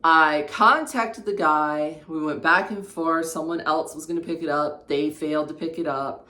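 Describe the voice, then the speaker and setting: A woman with a low voice speaks at a moderate pace, her tone bright and forceful, in a reverberant space. Filming on a tripod in her bedroom, she gives a chatty, homey room tour of her redecoration, showing items one at a time.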